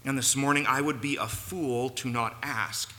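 A man's voice: medium pitch, steady tone, normal speed, bright, forceful tone. A man preaching a sermon in a church, earnest and building to emphatic peaks. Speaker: pastor. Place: church sanctuary. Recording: long reverb, faint room noise.

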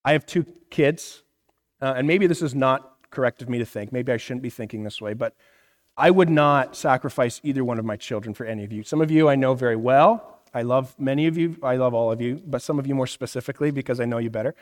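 A man's voice: mid-range voice, brisk. A man in his thirties, a pastor preaching a conversational sermon, asking the room questions and often checking in with "right?". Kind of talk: interactive sermon teaching. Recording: reverberant hall.

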